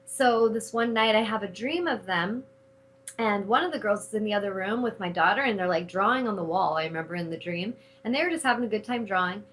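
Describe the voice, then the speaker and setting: A middle-aged woman hosting a spiritual talk show, speaking in an animated, casual way and cursing freely when she retells her anger. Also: medium pitch, a little fast, low-quality recording. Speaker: host.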